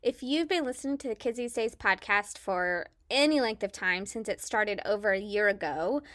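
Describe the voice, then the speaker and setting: A woman's voice: mid-range voice, expressive, moderate pace, a bit bright, no echo, studio quality. A woman from Kansas with a faint Southern twang, co-hosting a podcast in an enthusiastic, chatty way with frequent "um"s. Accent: Kansas with a slight Southern twang. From Kansas, USA. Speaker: podcast co-host, childcare specialist. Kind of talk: casual podcast monologue. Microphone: podcast microphone.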